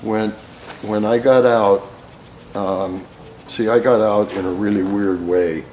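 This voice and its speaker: Speaking slowly in a slightly mellow voice on the low side, this older veteran keeps his intonation fairly even. He shares war stories at a storytelling talk in a theater school hall, salting them with profanity and frequent laughter in a folksy manner. Faint ambience from the roomy hall comes through, along with slight background noise.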